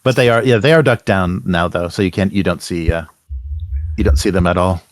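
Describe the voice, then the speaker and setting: A man running an online tabletop horror game as game master, laughing easily and talking in halting bursts. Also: low-pitched, no echo, clean studio sound. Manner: laughs often, halting with fillers.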